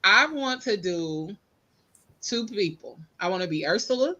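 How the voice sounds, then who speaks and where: A woman guest in casual podcast chat, telling stories in an animated, expressive way. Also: mid-range voice, measured pace, highs cut off.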